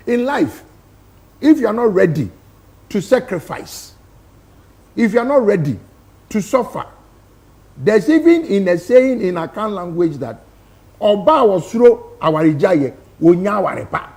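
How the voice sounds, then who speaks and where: A man's voice: high-pitched, very animated, moderate pace, long pauses, a little mellow. A man with a Ghanaian accent arguing emphatically as a studio guest on a talk show, throwing out rhetorical questions. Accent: Ghanaian English. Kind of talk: impassioned studio debate.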